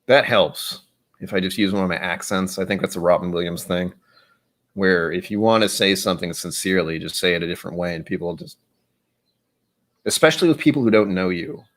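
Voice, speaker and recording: A man's voice: low-pitched, fairly quick. Rambling man hosting a whiskey stream. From United States. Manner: rambling and self-interrupting, slipping into playful voices for quoted lines. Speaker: stream host. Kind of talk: casual live-stream chat while tasting whiskey.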